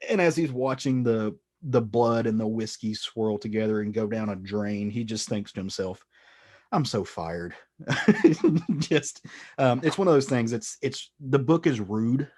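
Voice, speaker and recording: A man's voice: medium pitch, moderate pace, darkish tone. A man hosting a podcast, casually reviewing comic books and retelling their stories in a rambling way. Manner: rambling, many fillers and restarts, retelling stories. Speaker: podcast host.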